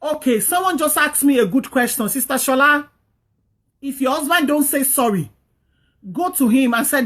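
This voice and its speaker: A woman's voice: sits high, animated, normal speed, fairly bright tone. A woman hosting a talk, giving earnest, repetitive marriage advice and exhorting her listeners.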